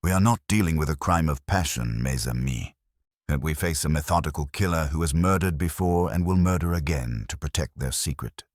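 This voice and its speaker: A man reading as Hercule Poirot, very deep and precise. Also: no echo, clean studio sound. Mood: probing. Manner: precise, measured. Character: fastidious older male detective, cool and probing.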